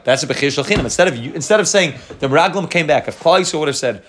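A man's voice: on the high side, animated, rapid-fire, fairly bright tone, slight background noise. A man teaching a Torah class, explaining at length with frequent restarts and Hebrew terms mixed into his English.

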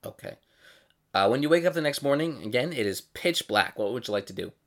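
A man's voice: mid-range voice, lively intonation, brisk, a bit bright. A man running a tabletop game as game master, narrating casually with plenty of fillers.

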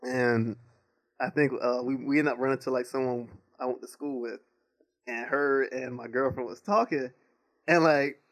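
Chill young dude on a podcast, slangy, cusses, mid-pitched voice. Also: male voice, fairly even intonation, normal speed. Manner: laid-back, profane slang. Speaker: podcast co-host. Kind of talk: casual chat.

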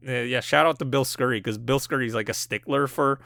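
A man co-hosting a film podcast, talking casually and rambling through his thoughts with plenty of "like" and "you know." His voice is bright and forceful, at a middle pitch. The sound is dry and close, with no room around it. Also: brisk, gravelly, dry recording. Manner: rambling, many fillers and restarts, laughs often. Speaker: podcast co-host.

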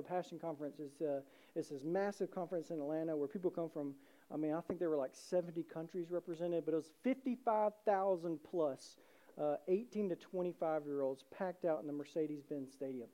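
Passionate preacher with a mellow voice. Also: male voice, fairly high pitch. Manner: passionate, rising emphatic preaching. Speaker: pastor. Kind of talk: sermon.

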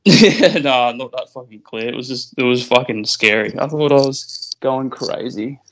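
A man's voice: medium pitch, moderate pace, background noise. A young Australian man from Queensland, a fishing guide, chatting as a podcast guest in a laid-back way, swearing freely and laughing easily. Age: young adult. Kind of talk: casual chat. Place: at home.

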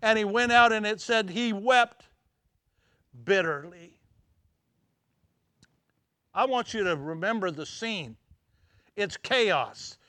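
A man preaching a sermon, acting out scenes dramatically and dropping to hushed tones at emotional moments. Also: high-pitched, lively intonation, slow, pauses often, smooth, dry recording, clean studio sound. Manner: dramatic, swings from loud exclamations to hushed near-whispers.

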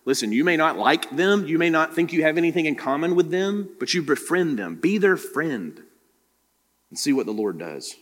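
A man's voice: on the high side, big pitch swings, normal speed, long reverb tail. A man preaching a sermon as pastor, pressing the congregation with direct questions. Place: church room.

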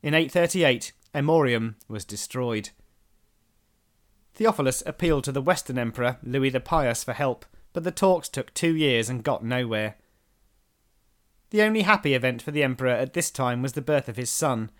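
A man, a podcast host narrating history in a measured storytelling manner with dry asides. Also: mid-range voice, expressive, fairly bright tone.

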